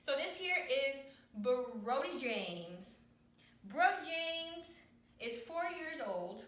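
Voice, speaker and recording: A woman's voice: high-pitched, big pitch swings, slow pace, fairly bright tone. A woman vlogging as she trains her dog at home, talking playfully and cooing at him. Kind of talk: casual vlog, training a dog on camera. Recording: roomy echo with faint background hum.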